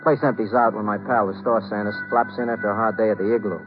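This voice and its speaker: A man's voice: on the low side, fairly even intonation, quick pace, close to an everyday voice. A man playing a cocky, flippant young private detective who narrates his own story in a 1950s radio drama. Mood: wry. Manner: flip, wisecracking. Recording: muffled old 1950s radio broadcast with music.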